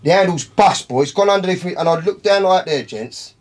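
A man's voice: sits high, a little fast. A man, telling a long, profane story in casual talk, rambling and calling his listeners by name. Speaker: podcast guest.

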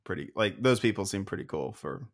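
A young man co-hosting a casual podcast, ranting in a profane, animated way. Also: low-pitched, fairly quick, vocal fry. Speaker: podcast co-host.

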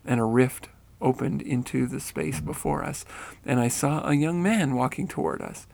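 A man reads a first-person story aloud, steady and earnest. His voice is gravelly with some fry, at a middle pitch for a man. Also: normal speed.

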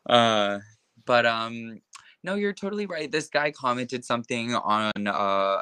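A man's voice: lowish voice, sharp tone, smooth, no echo. A young man in a casual interview, talking frankly with lots of fillers like "like" and "you know". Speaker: interview guest. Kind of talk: casual conversation.

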